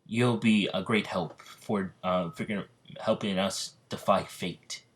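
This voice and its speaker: Casting: defiant young knight, low voice, halting lines, read by a man. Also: fairly even intonation. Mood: determined. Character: hot-headed young male knight, defiant.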